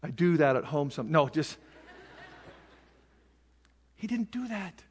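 A man preaching a sermon with passion, building up to shouted peaks. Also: a little high, big pitch swings, takes it slowly, slightly rough, long reverb tail.

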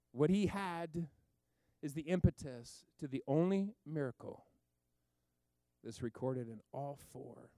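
A man preaching a sermon, telling a story with lively asides and acting out the people in it. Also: medium pitch, dry recording. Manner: animated storytelling, acts out characters, rambling asides. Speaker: pastor.

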